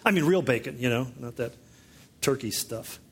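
A pastor preaching a conversational sermon, teaching with joking asides. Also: male voice, mid-range voice, lively intonation, normal speed, slight background noise.

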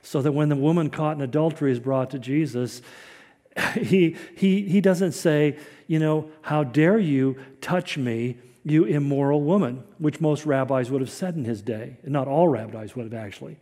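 A man's voice: fairly high pitch, moderate pace, warm tone. Man preaching in a reverberant hall. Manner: folksy, wry, chuckles at his own asides. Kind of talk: conversational sermon.

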